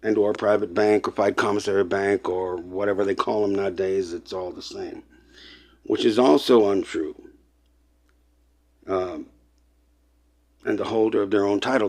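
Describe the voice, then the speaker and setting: A man's voice: fairly low pitch, steady tone, normal speed, pauses often, darkish tone. A man delivering an impassioned, lecturing monologue, repeating points and getting worked up as he talks to his listeners. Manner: emphatic, repetitive, gets worked up; lecturing, addresses listeners as people. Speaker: online presenter.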